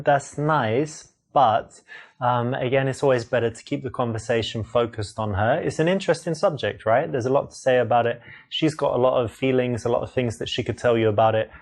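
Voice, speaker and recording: A man's voice: mid-range voice, darkish tone. Cocky English-accented man. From England. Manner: cocky, boastful, joking. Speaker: dating coach and game host. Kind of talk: casual flirting and coaching commentary.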